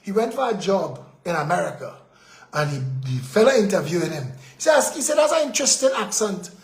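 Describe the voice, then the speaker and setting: A man with a Trinidadian accent hosting a live political talk show, ranting with indignation, firing off rhetorical questions and sometimes shouting. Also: high voice, very animated, fairly quick, reverberant.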